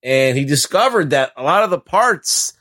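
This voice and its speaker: A man's voice: on the high side, sing-song, moderate pace, a bit bright. A man co-hosting a casual podcast, rambling through movie recaps with frequent swearing and laughter. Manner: rambling, profane, laughs while talking. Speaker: podcast co-host. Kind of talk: casual chat.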